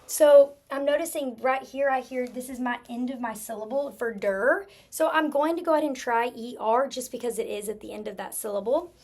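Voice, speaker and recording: Woman, teacher, slightly high pitch, patient, sounds out words slowly, spelling lesson for children. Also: a little mellow. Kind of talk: spelling lesson for young students.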